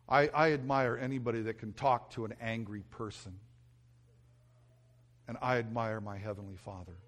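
A middle-aged male pastor preaching a sermon, telling stories about himself and mocking himself as he goes. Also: mid-range voice. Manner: storytelling, self-mocking, acts out his own yelling.

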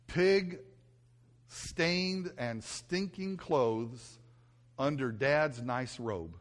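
A man's voice: mid-range voice, lively intonation, extremely slow. A middle-aged male pastor preaching a sermon, telling stories about himself and mocking himself as he goes. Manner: storytelling, self-mocking, acts out his own yelling.

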